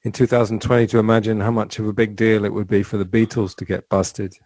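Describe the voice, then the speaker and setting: Low-voiced man hosting a podcast. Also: level tone, fast, a little mellow, dry recording. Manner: discursive, hedging with "I mean" and "I think". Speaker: podcast host. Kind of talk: casual review chat.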